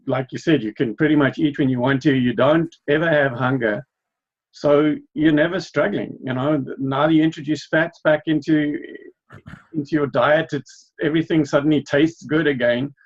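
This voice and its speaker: A man's voice: on the high side, lo-fi sound. A man hosting a casual interview, speaking earnestly and emphatically while thinking aloud. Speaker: host.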